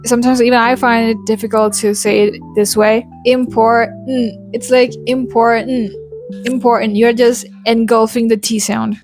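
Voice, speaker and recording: Young Indian woman coach with an Indian English accent, brightish pitch, drills example words one by one over faint background music. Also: dry recording. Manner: demonstrates words by repeating them slowly. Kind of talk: pronunciation lesson.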